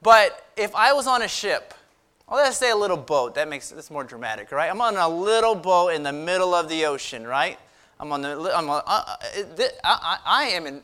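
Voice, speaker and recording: A man's voice: high-pitched, a little fast. A young man preaching to a youth group, quizzing the room, joking and building the story up dramatically. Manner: lively, asks the room, jokes and builds drama. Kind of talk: youth sermon with audience questions.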